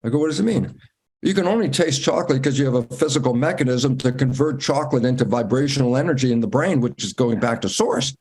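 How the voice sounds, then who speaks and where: A man, a guest in an interview, telling stories in a lively way and acting out his own inner dialogue with big swings in pitch. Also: fast, slightly rough. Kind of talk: conversational storytelling.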